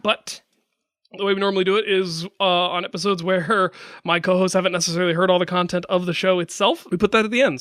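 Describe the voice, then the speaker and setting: A man's voice: high voice, bright, forceful tone, dry recording, clean studio sound. A man hosting a podcast, reading listener mail and joking with his co-hosts in casual chat. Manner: chatty, self-correcting, joking. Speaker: podcast host.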